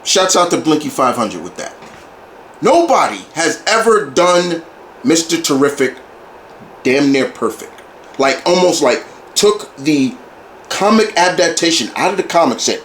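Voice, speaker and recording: Eager man with a slow, roomy-sounding delivery. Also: fairly high pitch, sing-song, fairly bright tone. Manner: enthusiastic fan, repeats and restarts phrases. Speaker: movie reviewer. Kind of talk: casual video review monologue. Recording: roomy echo, faint background hiss.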